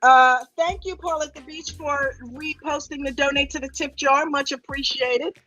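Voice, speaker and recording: A woman's voice: high voice, fairly even intonation, normal speed, sharp tone, soft background music. A woman hosting a livestream, casually greeting viewers one by one in a playful, teasing, affectionate way. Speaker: host.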